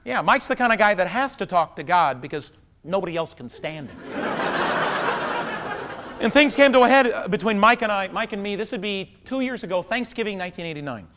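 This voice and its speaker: A man in his thirties performing a stand-up monologue, wry and storytelling, breaking into loud exasperated punchlines. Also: high-pitched, big pitch swings, a little fast, a little hiss or hum. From Pacific Northwest of the US. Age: 30s. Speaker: stand-up comedian. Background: audience laughter.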